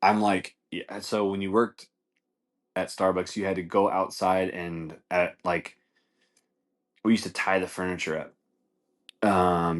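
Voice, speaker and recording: Low-voiced man telling a story. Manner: animated, swears, says dude a lot. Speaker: podcast host. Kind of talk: casual storytelling.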